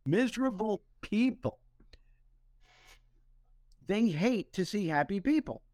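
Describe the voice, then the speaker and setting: A man hosting a podcast, telling stories with humor in an animated, motivational way. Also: fairly high pitch, no echo, studio quality. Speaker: podcast host. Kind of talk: motivational storytelling talk.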